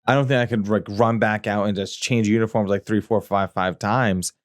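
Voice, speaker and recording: Low-voiced man telling a lively story. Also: normal speed, dry recording, clean studio sound. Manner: animated anecdote-telling with sound effects and acted quotes. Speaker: podcast co-host. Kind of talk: casual chat, storytelling.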